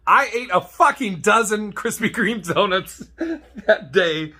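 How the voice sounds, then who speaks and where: A man's voice: high-pitched, expressive, unhurried, pushed and bright. A man telling comedic stories to camera, swearing freely and laughing at his own jokes.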